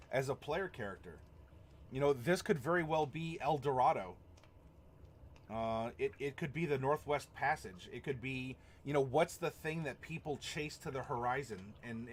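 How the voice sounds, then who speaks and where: A man's voice: medium pitch, slight background noise. A man hosting a tabletop role-playing live stream, chatting casually and rambling with chuckles while reacting to chat. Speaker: stream host.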